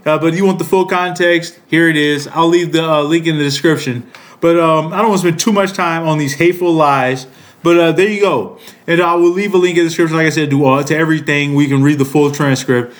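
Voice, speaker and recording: A man's voice: fairly high pitch, fairly even intonation, fairly quick. A man in his thirties giving heated political commentary, profane, rambling and indignant. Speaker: political commentary channel host.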